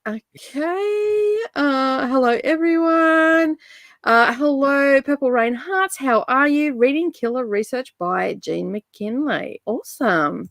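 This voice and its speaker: A woman's voice: high voice, dry recording, clean studio sound. A woman hosting a casual reading livestream, chatty, greeting viewers and laughing often. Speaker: livestream host.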